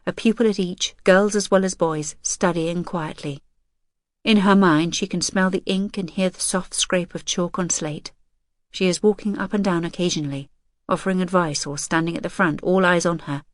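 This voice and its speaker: A woman calmly narrating an audiobook in the third person. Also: on the low side, no room sound, clean studio sound.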